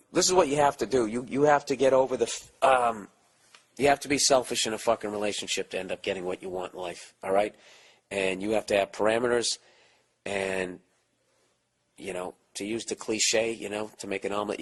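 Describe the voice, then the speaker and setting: Male podcast host, mid-pitched, blunt and profane in his advice. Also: a bit bright, breathy edge. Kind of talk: advice podcast, reading listener letters.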